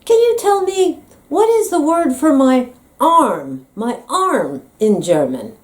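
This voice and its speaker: An American woman vlogging in a comic, teasing monologue. Her voice sits a bit high and swings widely in pitch. She plays up every point with dramatic flair. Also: very animated, slow, a little mellow. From United States. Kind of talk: comedic vlog monologue.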